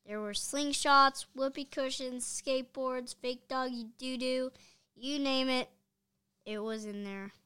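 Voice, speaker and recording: A woman reading a children's book aloud, expressive and deliberate. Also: high-pitched, smooth. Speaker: reader.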